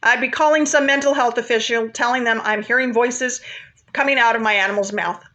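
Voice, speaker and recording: A woman's voice: fairly high pitch, fairly even intonation, brisk, pushed and bright. A woman casually retelling a Bible story in a chatty, informal way, with asides to her viewers.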